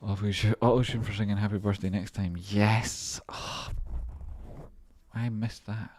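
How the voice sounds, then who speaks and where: A man with a notably deep, low voice hosts a trading livestream. He rambles loosely, jokes around and swears casually while working through viewer messages. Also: flat delivery, unhurried, darkish tone, slight background noise. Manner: rambling, joking and swearing while reading chat. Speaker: stock trading streamer.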